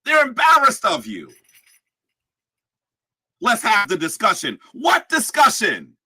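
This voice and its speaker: A man in a heated livestream argument, confrontational and shouting his challenges. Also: high voice, wildly swooping pitch, slow, slightly rough, dry recording.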